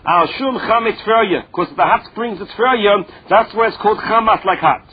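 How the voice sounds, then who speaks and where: Guy giving a talmud class, high-ish husky voice, reads a line then explains it, dull lo-fi sound. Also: moderate pace. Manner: reads a phrase then explains it in plain words. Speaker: Talmud teacher. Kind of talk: Talmud lesson, reading and translating. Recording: dull lo-fi recording.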